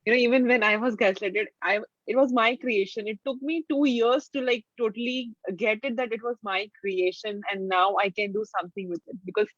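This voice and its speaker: A woman's voice: fairly high pitch, fairly even intonation, a little fast, hardly any pauses, no room sound. Woman host on a video call, chatty, fills with "you know", dry close sound, a bit muffled. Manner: warm agreeing, repeats "you know". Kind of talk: casual interview chat. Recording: dry, slightly dull call audio.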